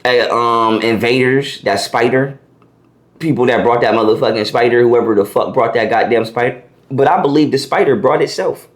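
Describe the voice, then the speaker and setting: A man being interviewed, talking in a loose, profane, animated way as he lays out his ideas. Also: mid-range voice, moderate pace. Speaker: interview guest. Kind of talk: casual conversational interview.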